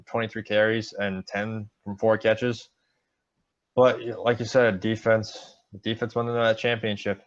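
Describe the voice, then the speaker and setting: A young man co-hosting a sports podcast, chatting casually, joking and rattling off stats. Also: on the low side. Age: young adult. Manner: rambling, jokey, quotes stats. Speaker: podcast co-host. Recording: dull lo-fi podcast audio.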